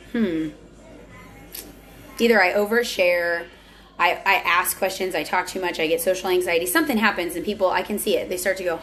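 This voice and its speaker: A young woman talking candidly on her vlog, earnest and confessional, often restarting her sentences. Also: lowish voice. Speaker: vlogger. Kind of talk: candid personal vlog talk.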